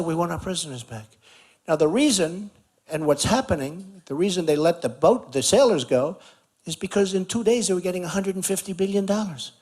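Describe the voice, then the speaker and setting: At an outdoor barbecue rally, a political candidate gives his campaign speech into a podium microphone. His slightly high, darkish voice drives home his points again and again in a repetitive, emphatic, conversational riff.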